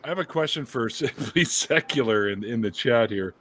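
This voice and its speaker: A man from Canada hosts a relaxed livestream hangout with friends. His voice rises and falls a lot as he chats and reads out comments from the chat. He laughs often. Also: medium pitch, normal speed. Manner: laughing, lively banter, reads chat aloud. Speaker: livestream host. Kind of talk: casual chat.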